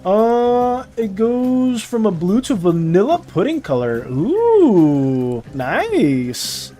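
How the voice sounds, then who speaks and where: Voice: mid-range voice, very animated, extremely slow, warm tone, faint music behind. A streamer chatting casually on a live stream, rambling and giggly while reacting to chat.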